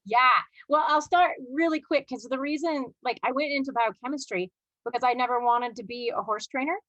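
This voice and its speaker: A woman telling a chatty, animated story on a video call, full of fillers and restarts. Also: sits high, fairly quick, no echo, lo-fi sound. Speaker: guest horse trainer. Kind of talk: storytelling in a live video interview.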